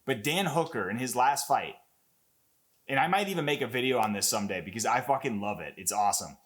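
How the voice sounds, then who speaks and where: Young male commentator, casual video rant, excitable, swears a lot, mid-range voice. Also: mid-range voice, a little fast. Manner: excited, profane, rambling with restarts. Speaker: MMA commentator.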